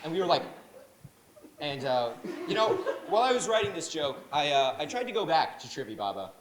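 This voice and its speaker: A young man doing a stand-up set with animated storytelling and rambling asides. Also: a little high, brisk. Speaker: stand-up comedian. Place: comedy showcase stage. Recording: roomy echo, faint noise.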